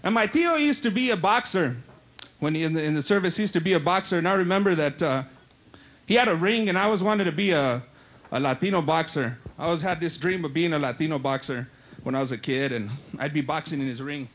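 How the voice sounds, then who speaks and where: A man's voice: fairly high pitch, a bit bright, slight background noise. A man doing a stand-up comedy set, telling punchy stories and acting out his relatives. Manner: punchy storytelling, acting out relatives and cops in quick voices. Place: live comedy stage.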